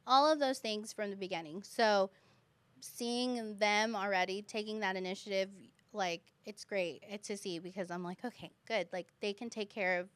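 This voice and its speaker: A woman's voice: mid-range voice, steady tone, moderate pace, a bit bright, smooth, no echo. A woman who teaches kindergarten, chatting as a guest on a podcast and acting out her students' voices. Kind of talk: casual podcast chat.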